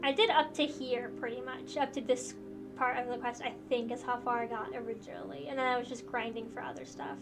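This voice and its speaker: A young woman streaming a game, making casual, low-key asides and swearing freely. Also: fairly even intonation, brisk, music in the background. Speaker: gaming streamer. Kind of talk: let's play commentary.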